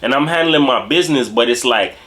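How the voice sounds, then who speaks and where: A man from Jamaica telling a casual story in slangy, animated, streetwise talk. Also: mid-range voice, a little fast. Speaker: host.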